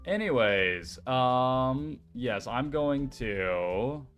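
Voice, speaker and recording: A young man chatting casually as a streamer, excitable and swearing freely. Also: medium pitch, drawn-out words, soft background music. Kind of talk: casual chat.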